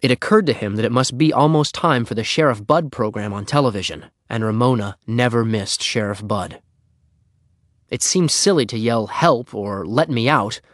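A man reading a children's storybook aloud with expressive narration. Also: mid-range voice, normal speed, no room sound, studio quality. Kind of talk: audiobook reading.

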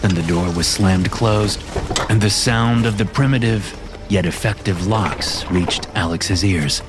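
A low-voiced man narrating a scripted horror story at a steady, measured pace. His delivery is even and controlled, and background music plays under the narration throughout. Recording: music playing behind.

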